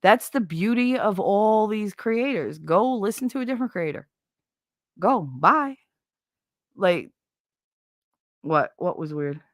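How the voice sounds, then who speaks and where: Casual stream chat from a woman on her own channel: blunt, profane, and rambling. She speaks slowly in an expressive, medium-pitched voice, pausing often, and her desk microphone gives studio-quality sound without room reverb.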